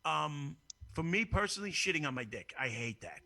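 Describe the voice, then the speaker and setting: A man hosting a crude, casual call-in show, brash and profane and quick to laugh. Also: on the high side, big pitch swings, vocal fry, bright, forceful tone. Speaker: host.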